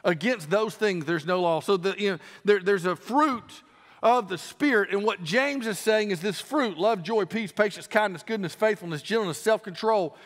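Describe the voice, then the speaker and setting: Emphatic Southern pastor, high voice, church hall. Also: male voice, moderate pace. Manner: emphatic, repeats phrases for stress, shifts between loud and quiet. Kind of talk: sermon. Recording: long reverb of a church hall.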